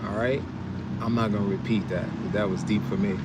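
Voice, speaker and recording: A middle-aged man hosting a casual live stream outdoors, chatting and reading viewer comments, laughing often and trailing off into low mumbles. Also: steady tone, a little fast, heavy background noise.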